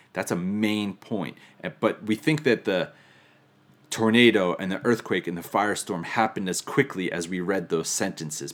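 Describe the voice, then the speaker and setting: Deep-voiced male preacher. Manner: reflective, lightly humorous teaching. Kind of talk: sermon on scripture.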